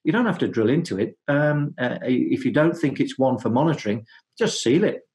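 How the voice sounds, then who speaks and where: A man, a dentist, talking through his ideas in a podcast interview, with many fillers, restarts and hesitant pauses. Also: medium pitch, expressive, darkish tone. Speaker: guest dentist.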